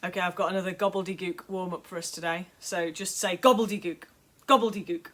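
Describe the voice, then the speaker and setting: Talking fast in a lowish voice with fairly even intonation, a woman takes a choir through warm-up exercises. She keeps things playful and supportive, chanting out rhythms and vocal sounds.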